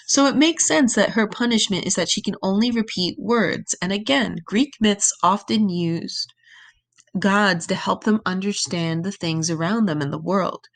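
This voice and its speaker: A young woman teaching a class, reading a myth aloud and explaining it in casual, plain words as she thinks it through. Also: medium pitch. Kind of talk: reading lesson, thinking aloud over a text.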